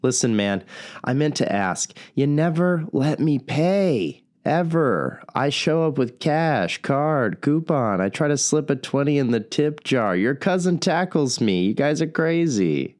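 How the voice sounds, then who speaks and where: An actor playing a broke, self-deprecating late-night radio host who laughs at himself. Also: male voice, medium pitch, very animated, unhurried, a little mellow.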